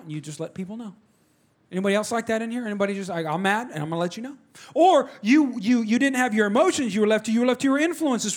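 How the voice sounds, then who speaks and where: A middle-aged man, preaching a sermon in an animated, conversational way and talking directly to his congregation. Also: very high-pitched. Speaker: pastor. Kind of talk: sermon with personal storytelling.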